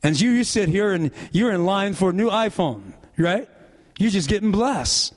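Guy preaching a sermon, high voice, calls out for the crowd to answer back. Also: lively intonation, normal speed. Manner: call-and-response preaching, rising and falling in pitch. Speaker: pastor.

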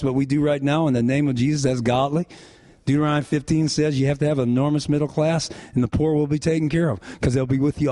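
A male pastor preaching a sermon, leading the congregation in call-and-response. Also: darkish tone. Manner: call-and-response preaching, rising and falling in pitch.

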